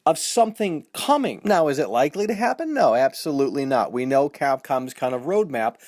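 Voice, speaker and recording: A man's voice: mid-range voice, fairly quick, no echo, clean studio sound. A man hosting a gaming news channel, talking casually to viewers and often calling them folks. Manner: animated, addresses viewers as folks; repeats "you know what I mean". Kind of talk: casual video commentary.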